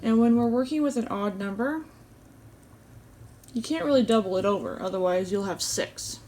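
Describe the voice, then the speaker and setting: A woman hosting an embroidery tutorial, calmly explaining each step as she works with her hands at a table. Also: a little high, moderate pace, a little hiss or hum. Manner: calm, step-by-step explaining while stitching. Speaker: embroidery channel host.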